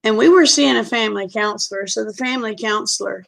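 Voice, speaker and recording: Chatty woman with a gravelly voice. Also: mid-range voice, fast, a bit bright. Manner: chatty, frank, repeats "I said". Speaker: vlogger. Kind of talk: casual storytelling.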